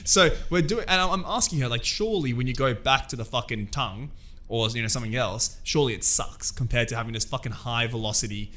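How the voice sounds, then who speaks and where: A man's voice: mid-range voice, fast talker, sharp tone. A young man co-hosting a podcast, rambling through stories with swearing and laughter. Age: young adult. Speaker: podcast co-host. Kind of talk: crude casual banter.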